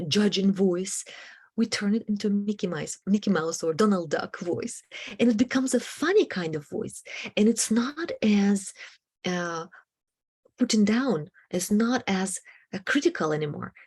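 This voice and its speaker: Husky-voiced woman teaching self-help. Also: medium pitch, a little mellow. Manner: halting, many fillers, drops into whispered asides. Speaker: emotional wellbeing coach.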